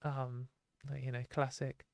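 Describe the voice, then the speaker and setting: A British woman hosting a live stream, talking bluntly and opinionatedly in a casual ranting way, her voice a little hoarse. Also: extremely low pitch, flat delivery, slow pace, darkish tone, dry recording, studio quality. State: hoarse from a fading voice.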